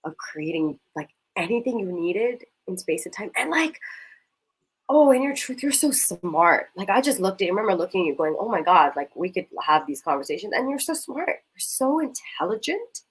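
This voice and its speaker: A woman leading a coaching exercise in casual chat, talking in an animated, gushing way and swearing casually. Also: medium pitch, normal speed, husky, low-quality recording.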